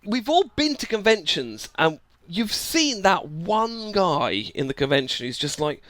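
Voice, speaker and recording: Lively earnest man, dry sound. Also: high-pitched, measured pace, no room sound. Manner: earnest, emphatic, restarts a lot. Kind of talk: casual chat.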